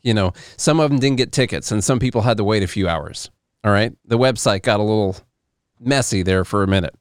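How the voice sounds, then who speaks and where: A man's voice: on the low side, fairly quick, smooth, no room sound, studio quality. A man in his thirties with a Southern US accent, hosting a casual podcast chat in a joking, sarcastic way. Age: 30s. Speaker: podcast host.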